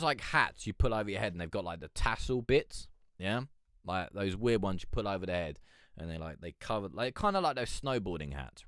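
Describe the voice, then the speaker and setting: A man's voice: sits low, a bit bright, clean tone, no room sound, studio quality. A young man hosting a casual live stream, telling a rambling story full of swearing and fillers. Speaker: livestream host.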